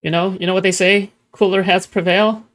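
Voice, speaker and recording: A man's voice: high-pitched, little pitch movement, brisk, a bit bright. A man chatting casually on a stream, reacting incredulously with lots of swearing. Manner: incredulous, profane, laughing asides.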